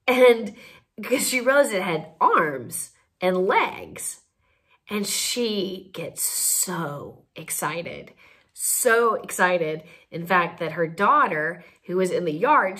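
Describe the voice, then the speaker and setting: A woman casually telling a funny anecdote, laughing often as she talks. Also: medium pitch. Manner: giggly, laughs through the telling, animated. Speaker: storyteller host.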